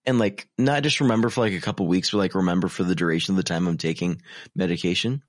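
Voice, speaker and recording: A man's voice: low-pitched, fast, no echo, clean studio sound. A man in his twenties co-hosting a podcast, chatting casually and rambling with lots of fillers, sounding tired. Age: 20s. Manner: rambling, self-deprecating, many fillers. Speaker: podcast co-host. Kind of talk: casual chat.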